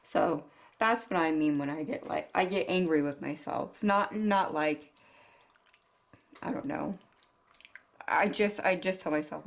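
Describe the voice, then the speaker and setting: A woman's voice: sits low, measured pace, gravelly, long pauses. A woman cooking on her video channel, chatting casually while sick, blunt and laughing often between cuss words. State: sick, rough-voiced. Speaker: cooking vlogger.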